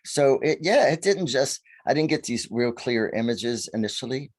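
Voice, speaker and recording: On a video call, a guest from Virginia, USA, who is a faery seer, tells stories animatedly and acts out the quotes. His voice is mid-range and his pace moderate.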